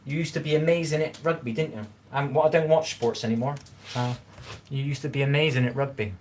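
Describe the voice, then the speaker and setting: Male streamer, mid-pitched, loose and rambling, talking to chat from his kitchen, faint background hiss. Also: fast talker. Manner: rambling, chatty, repeats himself, talks straight to viewers. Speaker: livestream host reading chat. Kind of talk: casual live-stream chat while cooking.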